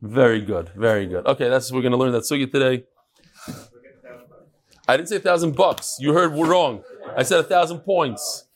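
A man teaching a daily Talmud class as a rabbi, animated and teasing, joking with his audience as he reads messages and sets riddles. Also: mid-range voice, normal speed. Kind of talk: Talmud lesson with joking banter.

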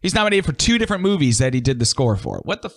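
A man's voice: a little high, big pitch swings, very fast. A man chiming into a casual podcast chat with short remarks.

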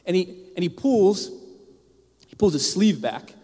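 A man delivers a sermon as an informal personal story, full of asides and restarts directed at the congregation. His voice sits a bit high for a man. The recording picks up the long reverb of a church sanctuary. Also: measured pace, husky. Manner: casual, animated, many restarts and asides to the congregation. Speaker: pastor.

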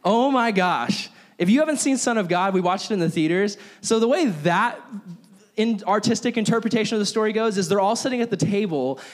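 A man preaching a sermon as a pastor, telling a story in an animated way and acting out its characters. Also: high-pitched, brisk.

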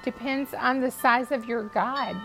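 A woman giving devotional Bible teaching, reading scripture and telling the story in an earnest, expressive way. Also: a little high, measured pace, faint music behind, poor audio. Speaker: speaker teaching a Bible study.

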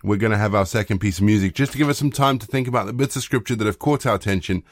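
Low-voiced man reading scripture. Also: no echo. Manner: measured, even reading. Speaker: service leader.

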